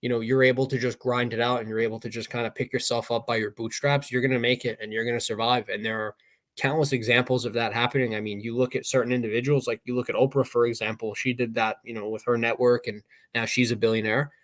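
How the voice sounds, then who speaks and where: A man's voice: mid-range voice, flat delivery, fast talker, fairly bright tone. Rambling motivational podcast guy. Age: young adult. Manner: motivational, loose and rambling with fillers. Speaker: podcast co-host. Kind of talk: casual podcast talk.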